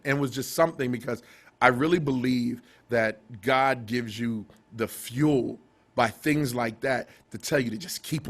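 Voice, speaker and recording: A middle-aged man, a TV station director, telling stories in a casual interview, animated and laughing, with many restarts. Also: medium pitch.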